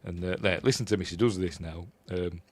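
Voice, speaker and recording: Yorkshire-accented male film reviewer, chatty rambler, slightly low voice, dry mic. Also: a little fast, a little mellow, no room sound. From Yorkshire, England. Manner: rambling, chuckling, quotes characters in a raised voice. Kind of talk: casual film recap.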